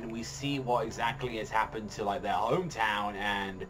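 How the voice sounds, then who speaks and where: A man's voice: on the low side, normal speed, a bit bright, soft background music. A man giving a casual spoken manga review, rambling with heavy swearing and lots of fillers.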